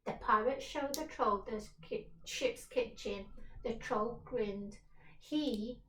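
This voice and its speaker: A woman teacher reads a storybook aloud to young children at a slow, clear, expressive pace. Her voice is bright and slightly high. It is recorded from a distance in an echoey room. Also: slight background noise.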